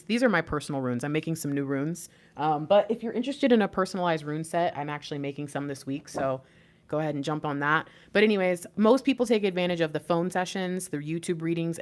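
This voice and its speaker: A woman giving a spiritual reading and talking on her channel as an intuitive life coach, preaching emphatically with casual slang. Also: deep voice.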